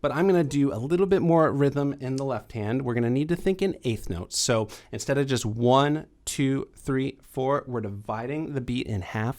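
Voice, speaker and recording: A young adult man teaching a piano lesson, explaining chords in a relaxed way and counting beats aloud. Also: mid-range voice, moderate pace, hardly any pauses. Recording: piano playing under the voice. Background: piano playing.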